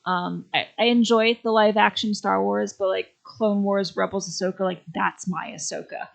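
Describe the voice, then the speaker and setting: Excitable woman with a gravelly voice. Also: medium pitch, normal speed. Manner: chatty, excitable storyteller. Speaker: podcast guest. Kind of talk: casual chat.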